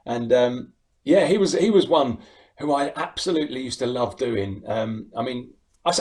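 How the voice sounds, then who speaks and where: A man with a southern English accent talks casually as a guest impressionist. He is animated and laughs easily, with a mid-range voice. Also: medium pitch. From United Kingdom. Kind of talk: casual interview chat.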